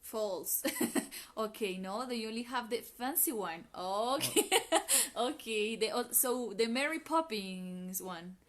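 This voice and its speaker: Slow-talking American woman teaching English. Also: a little high, expressive. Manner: chatty, laughs often, questions the viewers. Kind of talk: live online English class.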